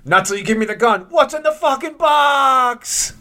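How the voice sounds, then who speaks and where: A man voicing a desperate young cop who yells frantically. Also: very high voice, lively intonation, normal speed, voice pushed up, heavily acted. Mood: frantic. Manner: frantic yelling.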